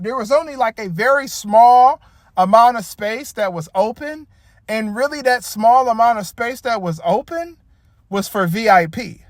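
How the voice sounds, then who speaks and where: A man's voice: sits high, a bit bright, dry recording. A man from the Detroit area giving a casual, profane, rambling rant about a wrestling show. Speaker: wrestling commentator.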